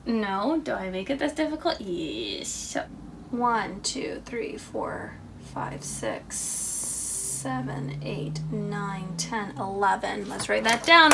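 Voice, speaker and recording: Slow-paced and very animated, a young woman with a gravelly, medium-pitched voice chats to herself as she crochets a toy, with noise in the background. She pokes fun at herself and laughs off her mistakes in this casual crafting vlog.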